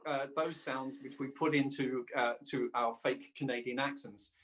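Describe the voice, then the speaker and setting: A man's voice: medium pitch, fairly even intonation, a bit bright. A man, a voice actor chatting as a guest in an interview and often restarting his sentences. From England. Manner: halting, many restarts and fillers. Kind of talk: casual interview chat.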